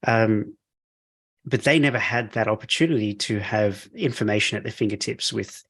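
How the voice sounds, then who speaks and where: Husky and lowish but fairly bright, this middle-aged podcast host speaks at a moderate pace. He keeps the casual conversation enthusiastic and encouraging, laughing easily throughout.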